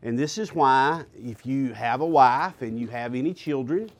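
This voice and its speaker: A man teaching a Bible lesson in a sermon style, pausing with fillers and checking in with his listeners. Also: mid-range voice. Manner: deliberate, with filler pauses and rhetorical "okay?". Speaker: pastor teaching a class.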